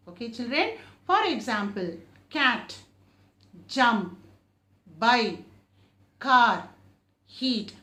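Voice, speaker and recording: A woman teaching children an English lesson, stretching out each word slowly and often saying it twice, then asking the class questions and answering them herself. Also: on the high side, a bit bright, roomy sound. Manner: slow, drawn-out modelling of each word, often repeated.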